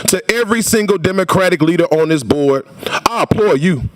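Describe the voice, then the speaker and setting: A man testifying at a legislative hearing, speaking forcefully and repeating phrases for emphasis. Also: high voice, lively intonation, brisk. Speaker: public witness testifying at a state senate hearing. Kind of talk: impassioned public testimony. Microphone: standing microphone at a podium.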